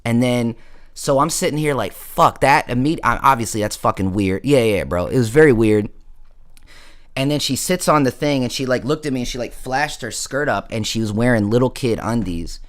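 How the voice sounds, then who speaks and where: A man chatting casually on a late-night stream, spinning a long story in loose, slangy talk. He rambles and doubles back, throwing in fillers and asides as he goes, his pitch sitting in an ordinary middle range. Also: expressive, moderate pace. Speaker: livestream host.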